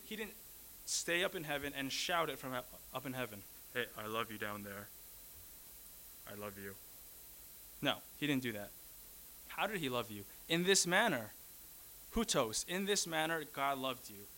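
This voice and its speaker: A man's voice: fairly high pitch, pushed and bright, a little hiss or hum, rough recording. A man preaching a sermon, teaching earnestly, repeating key phrases and correcting himself mid-sentence.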